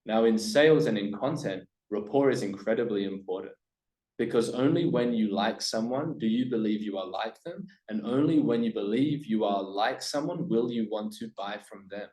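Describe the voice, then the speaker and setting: A man's voice: on the low side, normal speed, reverberant, poor audio. Man coaching a live seminar room. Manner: emphatic, coaching the audience, swings between loud and hushed. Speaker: presenter teaching a workshop.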